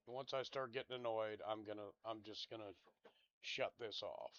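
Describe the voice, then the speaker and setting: A man's voice: lowish voice, steady tone, measured pace, creaky, fairly bright tone. A man streaming a farming game, grumbling and swearing to himself in casual commentary. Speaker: gaming streamer. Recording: dry, dull lo-fi mic.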